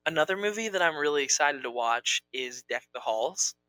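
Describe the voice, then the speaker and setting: A young man chatting casually as co-host, rambling and playful as he jumps between topics. His voice is bright and forward, and the sound is close and dry with no room in it. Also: on the high side, expressive, normal speed, dry recording, low-quality recording. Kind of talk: casual chat.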